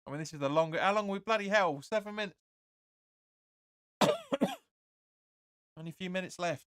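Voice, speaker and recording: A man with a high, smooth voice hosts a fan watch-along at a moderate pace, calling the match live and reading out viewer comments. Excitable and opinionated, he keeps insisting, "sorry, but no."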